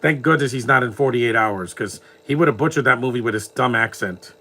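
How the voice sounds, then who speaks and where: A man's voice: medium pitch, a little fast, sharp tone. A man from New York with a New York accent, giving casual live commentary on a movie with joking, laughing reactions. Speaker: movie watch-along commentator.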